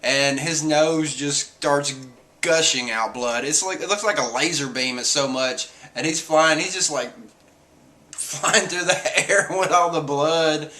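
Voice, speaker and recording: A man's voice: on the high side, takes it slowly, sharp tone. A man reviewing a comic chapter in a casual, chatty, amused retelling. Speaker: manga reviewer.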